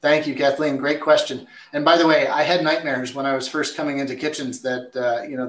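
A man's voice: medium pitch, fairly even intonation, brisk, hardly any pauses, fairly bright tone, slight background noise. A man who works as a chef, answering viewer questions with chatty, emphatic cooking advice in a kitchen. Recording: echoey room.

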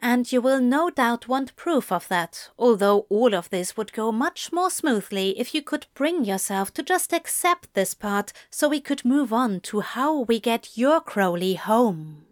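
A woman reading a story aloud, voicing a patient male angel with a dry, plummy voice who speaks in a polite, measured way and sighs. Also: on the high side, lively intonation, no room sound.

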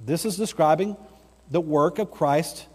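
A man pastor delivering an emphatic sermon, slowing down to stress key phrases. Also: a little high, husky, long reverb tail.

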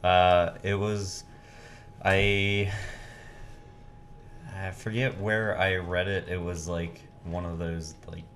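Very deep-voiced young man. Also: flat delivery, slow, pauses often, fairly bright tone, a little hiss or hum. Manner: easygoing, giving advice. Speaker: podcast co-host. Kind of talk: casual chat.

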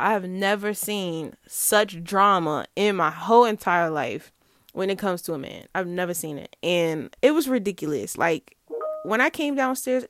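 Animated young woman telling a story. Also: mid-range voice, no echo, clean studio sound. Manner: animated, laughs often, acts out quotes. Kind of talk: casual storytelling to viewers.

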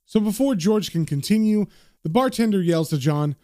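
A man's voice: high voice, animated, normal speed, dark tone, no echo, clean studio sound. A man casually narrating a comic book, chatty and conversational, with frequent fillers.

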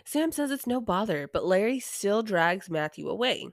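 A woman's voice: mid-range voice, very animated, normal speed, dry recording, clean studio sound. A young woman hosting a podcast, casually recapping a TV episode in a chatty, irreverent way, swearing freely and sighing now and then. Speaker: podcast host.

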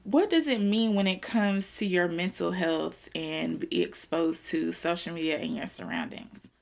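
A woman hosting her own podcast in a casual chat, animated and chatty, swearing freely. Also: fairly low pitch, unhurried, creaky. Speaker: podcast host.

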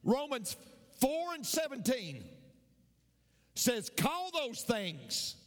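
A man's voice: extremely high pitch, wildly swooping pitch, extremely slow, fairly bright tone, big-room sound. A male pastor preaching a sermon emphatically, repeating key phrases and quoting scripture.

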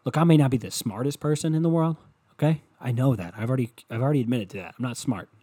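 A man's voice: mid-range voice, quick pace, mellow, slightly rough. A young man hosting a solo comedy podcast, rambling crudely and self-deprecatingly while acting out other people's voices. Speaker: podcast host.

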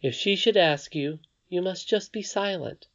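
A narrator voicing a very old, wise great-great-grandmother, speaking softly and calmly. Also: mid-range voice, measured pace, pitched above the performer's own voice, natural voice. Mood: gentle. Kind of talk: audiobook character voice. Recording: slightly dull lo-fi recording.

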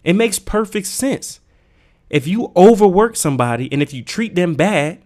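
A man's voice: high-pitched, very animated, moderate pace. A man hosting a podcast, delivering a heated, profane solo rant full of emphatic rhetorical questions. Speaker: podcast host. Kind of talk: casual ranting monologue.

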